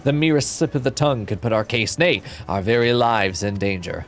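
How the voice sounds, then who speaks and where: A man voicing a pompous, flamboyant gentleman inspector with grandiloquent, theatrical delivery. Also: fairly low pitch, fairly quick, slight background noise, natural voice. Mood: grandiose.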